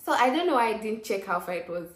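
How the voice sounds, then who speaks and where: A woman's voice: medium pitch, fast talker. Chatty young woman telling a story. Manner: chatty, lively, many "like" fillers and sudden exclamations. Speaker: vlogger. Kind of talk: casual storytelling. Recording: roomy echo.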